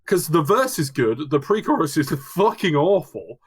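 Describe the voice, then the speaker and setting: A man's voice: a little high, big pitch swings, normal speed, breathy edge. Crude joking man reviewing music. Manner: crude, joking, mock voices. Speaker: podcast co-host. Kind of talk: casual banter review.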